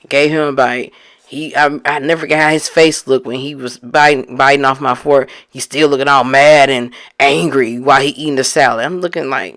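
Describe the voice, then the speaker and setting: A woman casually telling a story from her own life and acting out both sides of the talk with rising exasperation. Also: deep voice. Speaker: storyteller recounting her own past relationship.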